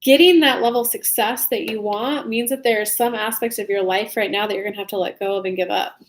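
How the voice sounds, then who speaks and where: A woman's voice: mid-range voice, steady tone, quick pace. A young woman doing a casual, chatty tarot reading livestream from home, talking loosely and informally to her viewers. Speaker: tarot reader. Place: home room with soft lighting.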